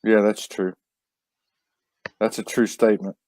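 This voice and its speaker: A man's voice: fairly low pitch, flat delivery, a little slow, darkish tone, no echo. Easygoing male live-show host. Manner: easygoing, teasing, stumbles and restarts. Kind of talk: casual live-stream hosting.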